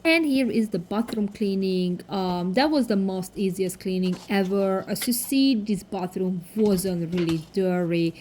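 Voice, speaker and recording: A woman in her thirties with a foreign accent, narrating her cleaning vlog in a casual voice-over with halting, non-native phrasing and many fillers. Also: medium pitch, darkish tone, slight background noise. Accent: foreign accent in English. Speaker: cleaning vlogger.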